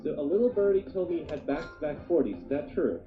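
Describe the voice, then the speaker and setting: A co-host chatting in excitable, quick banter. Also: mid-range voice. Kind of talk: casual chat. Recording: phone-like, echoey, faint music.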